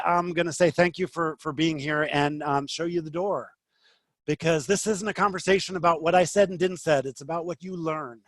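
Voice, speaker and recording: A man's voice: fairly high pitch, fairly even intonation, normal speed, no room sound. A man leading an online trading class, answering questions bluntly and with growing impatience. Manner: blunt, impatient, rising to frustrated. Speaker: trading instructor. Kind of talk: live online teaching session.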